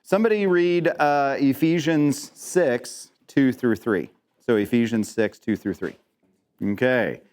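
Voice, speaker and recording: A man's voice: medium pitch, slow pace, darkish tone. A man teaching an interactive Bible lesson, quizzing the class with questions and dropping in joking asides.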